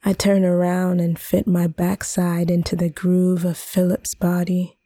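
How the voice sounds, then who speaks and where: Slow, low-voiced woman narrating romance. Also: completely flat delivery, no echo. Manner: intimate, slow and soft-spoken. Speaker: audiobook narrator. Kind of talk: first-person romance narration.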